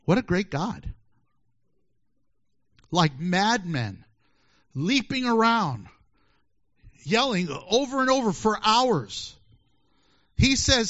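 Animated high-voiced joking preacher. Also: male voice, slow pace, pauses often. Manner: animated, joking, acts out voices, laughs often. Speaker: pastor. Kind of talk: sermon. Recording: dull lo-fi sermon recording.

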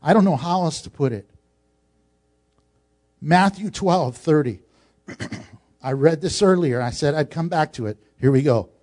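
A man's voice: fairly high pitch, expressive, unhurried, pauses often, darkish tone. A male pastor preaching a sermon in a conversational way, with joking asides.

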